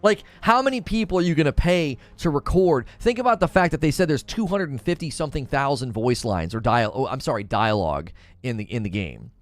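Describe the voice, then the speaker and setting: A man hosting a live gaming stream, chatting back to viewers in an animated way with quick restarts. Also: medium pitch, dry recording, faint music behind. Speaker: gaming channel host. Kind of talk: live-stream chat reading viewer comments.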